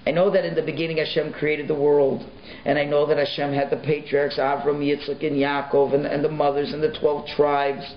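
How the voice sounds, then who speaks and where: A man's voice: fairly high pitch, little pitch movement, a little fast, lightly acted. A man voicing a humble, poor porter who speaks plainly and pleads tearfully, in an echoey, muffled recording. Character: humble poor older male porter, meek and devout.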